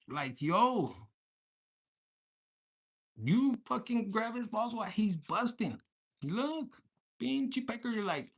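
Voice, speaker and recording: A man's voice: high voice, big pitch swings, slow pace, pauses often. Crude, joking male tarot reader. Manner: crude, profane and joking, mixing in Spanish slang. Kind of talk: casual tarot reading vlog.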